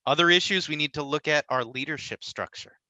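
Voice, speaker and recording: A man's voice: a little high, brisk, bright, forceful tone, no echo, rough recording. A man explaining nonprofit mergers as an interview guest, confident and explanatory, often checking in with a rhetorical "right?". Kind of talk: conversational interview answers.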